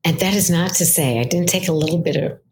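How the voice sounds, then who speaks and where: Animated older woman coach. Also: fairly low pitch, quick pace, a little hiss or hum. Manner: conversational, animated, keeps asking "right?". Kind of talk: solo mindset talk.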